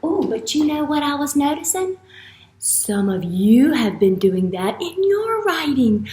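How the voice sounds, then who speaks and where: A woman teacher leading a playful morning message for young students, with an animated, exaggerated manner. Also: sits high, measured pace. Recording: echoey room.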